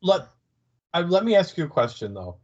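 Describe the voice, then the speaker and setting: A man's voice: a little high, big pitch swings, a little mellow, lo-fi sound. A man co-hosting a podcast, chatting casually and hedging with lots of "like". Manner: slow, hedging talk full of "like". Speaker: podcast co-host.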